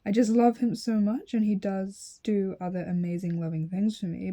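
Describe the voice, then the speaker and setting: A woman with a mellow, warm voice reads posts out loud and breaks in with blunt, frank comments, swearing casually. Her delivery is casual and chatty, and at times she sinks into a hushed half-whisper. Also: medium pitch. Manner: blunt, candid asides with swearing. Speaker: commentator reading online posts.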